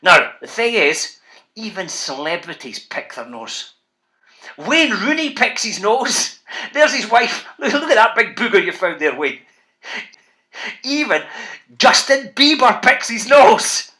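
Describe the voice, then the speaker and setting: A man's voice: sits high, animated, slow pace, pushed and bright. A man with a Scottish accent, an author hosting a children's reading show, playful and bouncy as he calls out to the kids. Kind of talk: lively talk to school classes.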